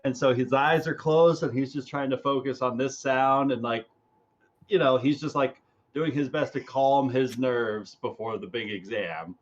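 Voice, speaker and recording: A man's voice: medium pitch, moderate pace. Guy casually narrating his tabletop character, kinda muffled lo-fi mic. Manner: loose, relaxed, filler-heavy. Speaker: player.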